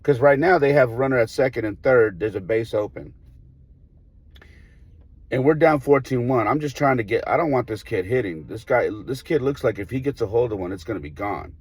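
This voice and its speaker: A man, a baseball coach, telling a story in a casual podcast chat, animated and acting out the people in it. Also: mid-range voice, fairly quick, husky, no echo. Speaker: high school baseball coach.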